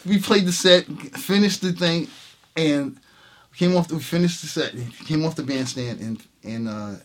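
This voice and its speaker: A man who plays trumpet, telling a story in a relaxed interview, talking in animated bursts with many restarts and acted-out quotes. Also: fairly high pitch, normal speed. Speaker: guest musician, trumpet player. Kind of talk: storytelling in a conversation.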